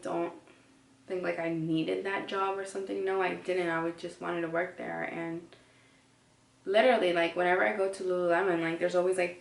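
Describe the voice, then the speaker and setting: A woman's voice: lowish voice, gravelly, reverberant, far from the mic. A woman vlogger ranting casually to camera, chatty and blunt, filling her talk with "like". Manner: chatty, heavy use of "like", blunt and indignant.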